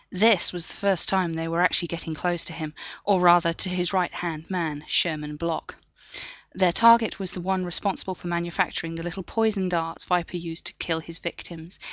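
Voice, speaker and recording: A woman narrating a story in a steady, measured reading. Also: on the low side, no echo, dull audio. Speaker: audiobook narrator. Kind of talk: scripted narration.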